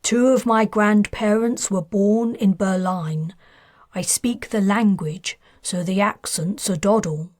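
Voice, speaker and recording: A woman voicing a smooth, scheming man of high society who bargains in clipped lines, in an audiobook. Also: slow pace, darkish tone, dry recording, clean studio sound. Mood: pleased.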